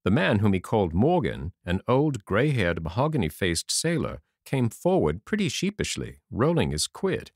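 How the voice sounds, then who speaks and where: A man narrating a classic adventure novel aloud in an expressive, lively storytelling manner. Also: lowish voice, moderate pace, hardly any pauses, no echo, clean studio sound. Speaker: audiobook narrator. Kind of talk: storybook reading.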